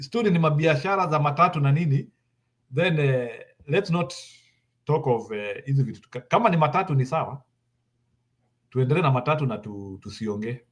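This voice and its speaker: Insistent Kenyan man, pitch on the high side. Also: fairly bright tone. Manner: insistent, repeats points, switches into Swahili. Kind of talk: heated political talk.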